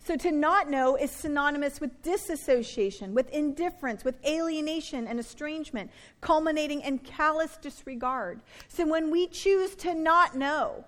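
Preaching with earnest conviction, a middle-aged woman pastor slows her delivery to emphasize points, letting her voice fall soft and low on the key words.

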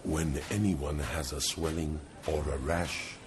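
Austere man with a very deep voice. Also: steady tone, slow pace, background noise. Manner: solemn, austere reading. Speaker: Bible audio reader. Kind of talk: dramatized scripture reading.

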